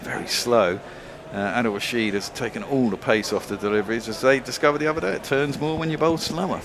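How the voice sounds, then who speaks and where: A man's voice: medium pitch, quick pace. Guy doing cricket commentary, dry jokey banter, lots of noise in the recording. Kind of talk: ball-by-ball radio commentary.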